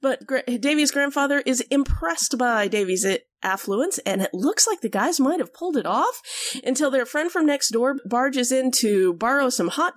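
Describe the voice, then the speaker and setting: Woman, podcast co-host, casual episode recap, fairly high voice, very animated pitch, dry close sound. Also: no room sound. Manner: laughs often, chatty with fillers.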